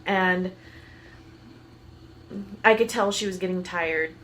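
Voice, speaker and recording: A woman's voice: on the low side, takes it slowly, fairly bright tone, a little hiss or hum. A woman co-hosting a podcast, chatting casually and telling stories while acting out what others said. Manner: chatty storyteller who acts out others' lines. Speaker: podcast co-host. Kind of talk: casual chat and storytelling.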